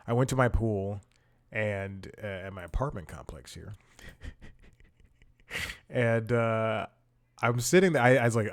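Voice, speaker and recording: A man's voice: on the low side, a little slow, pauses often. A man hosting a comedy podcast. He talks in a casual, rambling monologue, mocks himself, and chuckles between sentences.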